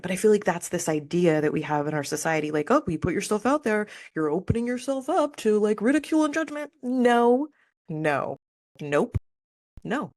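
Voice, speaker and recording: A woman's voice: fairly low pitch, darkish tone, dry recording. A young woman hosting her spiritual podcast, talking candidly and emotionally, full of casual fillers. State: near tears at times. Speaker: podcast host. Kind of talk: personal spiritual podcast monologue.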